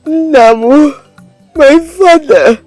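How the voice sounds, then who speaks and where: An actress playing a mistreated young orphan maid, with a Nigerian accent, speaking tearfully and pleading. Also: female voice, high voice, very slow, darkish tone, dry recording, faint music behind. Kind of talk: Nollywood film acting.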